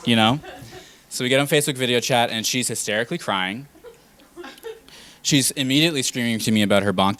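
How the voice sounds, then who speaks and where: A man in his twenties telling a story on a comedy stage, casual and profane with a deadpan edge. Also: mid-range voice, brisk, slight background noise. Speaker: stand-up comedian.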